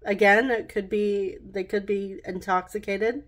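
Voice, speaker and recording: A woman's voice: mid-range voice, steady tone, measured pace. A woman talks through a pick-a-card tarot reading in a casual, rambling way. She laughs at her own slips and keeps the tone chatty as she goes from card to card.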